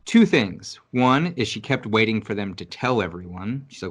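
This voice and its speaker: Low-voiced guy from nyc ranting casually on a podcast, cusses a lot, restarts sentences. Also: moderate pace, few pauses, fairly bright tone. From New York City. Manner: blunt, profane and emphatic, with frequent restarts. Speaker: podcast co-host. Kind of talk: casual chat.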